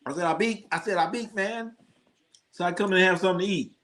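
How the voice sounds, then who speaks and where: This sports livestream host is a man whose voice sits high, with a fairly bright tone and a racing pace. Reacting to scores as they come in, he rambles, curses offhandedly, addresses his chat, and spins joking anecdotes.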